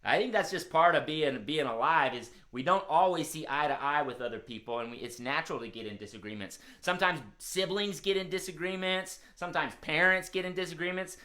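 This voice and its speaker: A man's voice: on the high side, sharp tone. A man hosting a live-streamed children's music show, talking cheerfully straight to young viewers.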